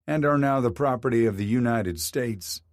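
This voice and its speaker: A man voicing a calm federal marshal who speaks in a steady, matter-of-fact way. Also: medium pitch, moderate pace, no room sound, studio quality, natural voice. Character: calm, dry-humored male federal marshal.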